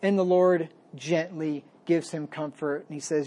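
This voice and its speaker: A man preaching a sermon, reading scripture slowly with emphasis and then explaining it in a plain, conversational way. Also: a little high, steady tone, mellow. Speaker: pastor.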